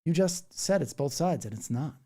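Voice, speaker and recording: A man's voice: fairly high pitch, expressive, moderate pace, dark tone, breathy edge. A man live-streaming and reading chat aloud, blunt and argumentative, throwing in "bro" and "dude.". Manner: blunt and argumentative, slips into mocking voices; says "bro" and "dude" a lot.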